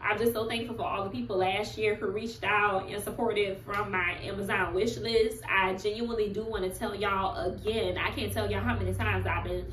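A woman's voice: medium pitch, steady tone, normal speed, few pauses, a bit bright, reverberant, a little hiss or hum, poor audio. A woman in her thirties filming a personal vlog at home, speaking in an earnest, heartfelt, faith-filled way. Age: 30s. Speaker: vlogger.

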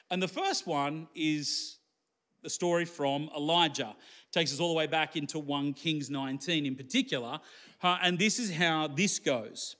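A male preacher giving a sermon in a conversational, colloquial way, lifting his voice for emphasis and dropping low for quiet asides.

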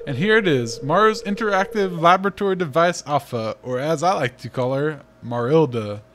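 A man's voice: fairly high pitch, lively intonation, moderate pace, a bit bright, slight background noise. A man voicing an eager, earnest young woman inventor, reading game dialogue aloud in a slightly raised tone.

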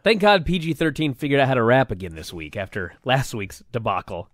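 A man co-hosting a podcast in casual chat, animated and swearing freely, shouting when he quotes someone. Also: medium pitch, fairly quick, no echo, studio quality. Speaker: podcast co-host.

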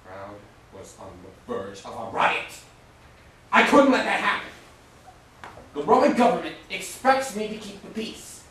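Male actor as a self-justifying Roman governor, high lively voice, echoey hall from afar. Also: a little slow, pauses often, recorded from a distance, background noise, full character voice. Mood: defensive. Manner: agitated, rhetorical questioning. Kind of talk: stage play monologue. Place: school hall.

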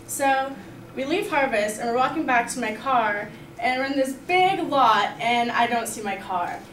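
A young woman tells a personal story to a class in a bright, chatty manner, scattering "like" and "you know" through her sentences. Her voice sits a little high. The recording is echoey and picked up from across the room, with faint background noise. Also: expressive, a little slow, recorded from a distance. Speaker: student storyteller.

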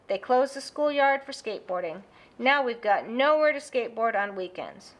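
A woman's voice: fairly high pitch, animated, moderate pace, lightly acted. A woman voicing an eager young boy bear cub who talks in an earnest way.

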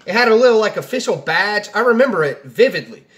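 A man's voice: high voice, sing-song, quick pace, a bit bright. A young man casually telling a personal story, rambling and quoting people as he goes. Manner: rambling, restarts, quotes people in his own voice.

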